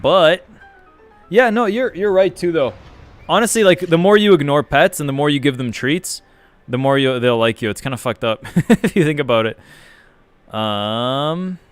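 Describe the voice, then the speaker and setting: A male streamer chatting with his viewers as he plays, rambling from one thought to the next and swearing freely. His voice is clean and resonant. It sits a little higher than most men's. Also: animated, normal speed, clean tone, dry recording, faint music behind. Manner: rambling, profane, reads and answers chat. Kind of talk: casual live-stream chat while gaming.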